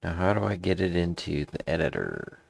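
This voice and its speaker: A deep, gravelly man talks slowly in a loose, rambling way while he edits his videos. His pitch swings widely, and the sound is close and dry with no room around it. He grumbles to himself between thoughts. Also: big pitch swings, no echo. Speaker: streamer. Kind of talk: casual commentary while editing video.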